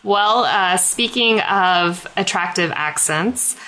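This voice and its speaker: A woman's voice: on the low side, takes it slowly, background noise. A woman hosting a podcast, chatting casually and rambling with many fillers. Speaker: podcast host. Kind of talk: casual chat.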